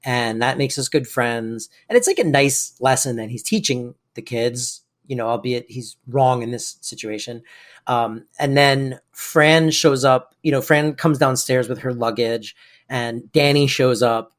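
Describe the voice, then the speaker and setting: A young man co-hosting a podcast, chatting casually and acting out lines from an episode in quick, lively bursts. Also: mid-range voice. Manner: animated, acts out quotes in quick bursts. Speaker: podcast co-host. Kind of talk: casual chat recapping a sitcom episode.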